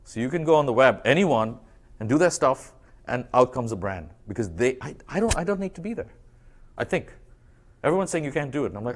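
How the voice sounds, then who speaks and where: A man giving a conversational talk to an audience, animated and acting out bits of dialogue as he tells stories about his branding work. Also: medium pitch, a little fast. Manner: animated storytelling, acts out dialogue. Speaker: speaker presenting branding work.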